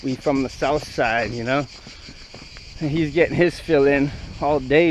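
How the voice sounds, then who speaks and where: A man's voice: medium pitch, a little slow, a little hiss or hum, poor audio. A young man from Canada vlogging casually outdoors at ancient ruins, rambling and swearing as he walks. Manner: brash, profane, rambling banter. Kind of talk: casual walking vlog.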